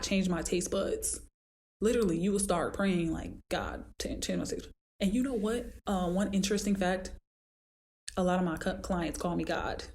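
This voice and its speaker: A woman hosting a solo podcast as a fitness trainer, talking casually and acting out her clients in high squeaky voices as she tells stories. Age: adult with a daughter. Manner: animated storytelling, acts out clients in high voices.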